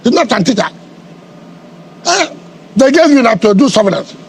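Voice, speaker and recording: A middle-aged man with a notably high voice and a combative edge, hammering out rhetorical questions and repeating himself for emphasis. He answers in a heated media interview. Faint noise hums underneath. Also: big pitch swings, normal speed. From Nigeria. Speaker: politician being interviewed.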